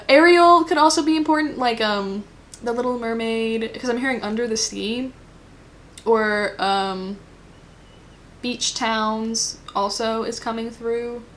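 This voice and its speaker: A woman with a somewhat high voice gives a casual tarot reading. She rambles, thinks aloud, and fills pauses with ums and likes. A faint noise sits under her voice. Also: fairly bright tone. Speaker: tarot reader.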